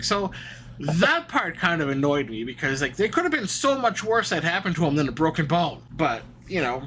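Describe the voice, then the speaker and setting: A man's voice: on the high side, sing-song, moderate pace, bright, forceful tone, a little hiss or hum, poor audio. A man co-hosting a horror movie podcast, retelling a film's plot in a rambling, casual way with lots of fillers. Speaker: podcast co-host.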